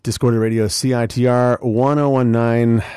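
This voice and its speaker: A man's voice: mid-range voice, level tone, normal speed, a little mellow, faint music behind. A young man hosting a radio show in a studio, chatting casually and rambling a little, with fillers and restarts. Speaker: radio host.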